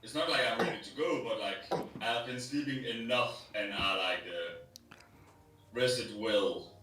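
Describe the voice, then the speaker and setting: A man's voice: mid-range voice, pushed and bright. Sleepy man on a far, echoey, noisy mic. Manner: halting, searching for words. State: just woken up, morning voice. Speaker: guest on a stream. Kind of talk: casual chat.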